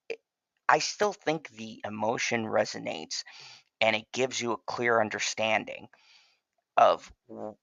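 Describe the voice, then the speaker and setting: A passionate man talks through a TV review in a casual, profane and emphatic way. His voice has a gravelly edge and a bright, forceful tone. The recording is dry and somewhat dull and lo-fi. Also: medium pitch, dry recording. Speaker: TV show reviewer and channel host.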